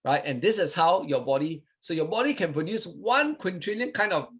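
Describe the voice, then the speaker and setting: Man, explanatory tone, somewhat high voice, dull lo-fi sound, constant "okay?". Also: lively intonation, a little fast, fairly bright tone. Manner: repeats "okay?" and "right?", acts out cells with voices. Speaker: wellness product presenter. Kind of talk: explanatory talk.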